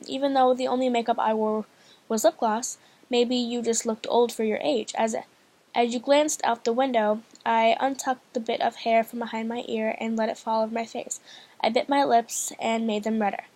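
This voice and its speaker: A woman's voice: on the high side, flat delivery, moderate pace, a little mellow. A woman reading a novel aloud in a casual, hesitant way, often stumbling and restarting lines. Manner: hesitant, frequent restarts and fillers. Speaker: audiobook reader, channel host.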